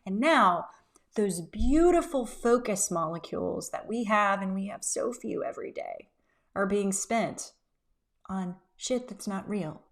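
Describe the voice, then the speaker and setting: A woman in her thirties, a business coach talking casually to camera, telling workplace stories with emphatic, animated asides. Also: mid-range voice, measured pace.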